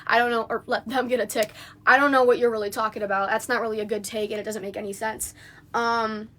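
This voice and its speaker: A woman's voice: on the high side, steady tone, quick pace, fairly bright tone. Indignant young woman ranting on stream. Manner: indignant, rambling rant with many fillers. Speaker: livestreamer. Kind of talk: venting livestream chat. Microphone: phone mic.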